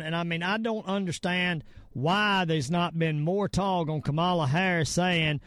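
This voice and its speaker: A middle-aged man with a Southern US drawl hosts a casual podcast. He rambles, stumbles over repeated words and leans hard on his points. His voice sits a touch high for a man and sounds close and dry. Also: normal speed, few pauses, a bit bright, dry recording. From Virginia / North Carolina area, US. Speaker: podcast host. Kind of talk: casual podcast rant and sign-off.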